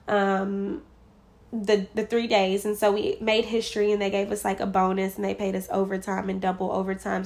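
Animated young woman with a gravelly voice. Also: fairly high pitch. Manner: animated, acts out quoted dialogue, frequent "like" fillers. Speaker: vlogger. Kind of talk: casual storytelling.

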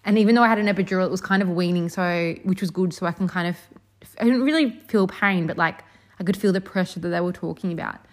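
A woman's voice: lowish voice, fast talker. Chatty young woman telling a story. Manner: chatty, full of fillers like "um" and "like". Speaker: vlogger. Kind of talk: casual storytelling.

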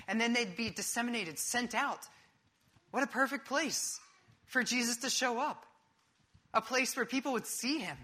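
This is a young man delivering a sermon, with a high, bright voice that carries sharply. He tells his story vividly and animatedly, and he moves easily between humour and earnest preaching.

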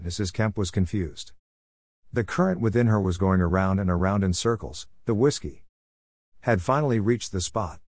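A man reading a story aloud in a steady, wry narrating manner. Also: low voice, moderate pace, no room sound, studio quality.

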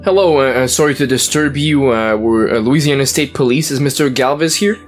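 A man's voice: medium pitch, fairly quick, faint music behind, lightly acted. A man voicing a polite, apologetic state police agent at a front door.

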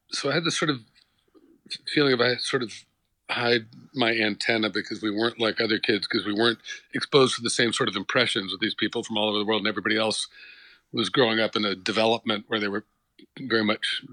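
A middle-aged actor from New Jersey, talking reflectively in a casual interview with many restarts. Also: male voice, lowish voice, bright, forceful tone, no room sound, rough recording. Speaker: actor, guest.

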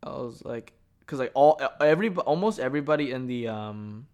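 A man's voice: mid-range voice, animated, moderate pace, darkish tone. Rambling profane young man on a podcast. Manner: rambling, profane, heavy filler "like". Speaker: podcast host. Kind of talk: casual solo storytelling.

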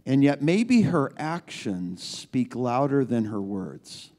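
A man's voice: mid-range voice, very animated, slow, dark tone. A male pastor preaching a sermon in a conversational, emphatic way, repeating key phrases. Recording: long reverb of a large hall.

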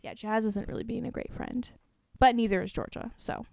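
A woman's voice: on the high side, a little fast, creaky, darkish tone, no room sound. A young adult woman co-hosting a podcast, recapping a movie in casual chat and acting out the characters' lines. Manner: chatty, acts out lines, filler "like". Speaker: podcast co-host.

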